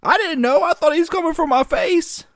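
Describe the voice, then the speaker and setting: A man's voice: a little fast, dry recording, clean studio sound. A man voicing a nervous, bumbling man on trial who stammers out excuses. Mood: pleading. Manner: stammering, high-pitched, pleading.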